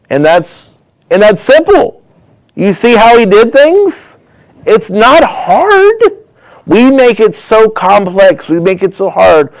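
A man reflecting on a clip he just watched, soft and emotional, and at times earnest and plain-spoken. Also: high voice, big pitch swings, takes it slowly, poor audio. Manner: soft, emotional, sometimes dropping to a whisper. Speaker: host reacting to a clip. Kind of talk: reflective commentary.

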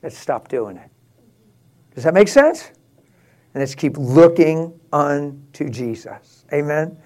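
A man preaching a sermon, rising to passionate, laughing exclamations and dropping to a hushed prayerful tone. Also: on the high side, very animated, slow. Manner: drops to a hushed prayerful tone near the end.

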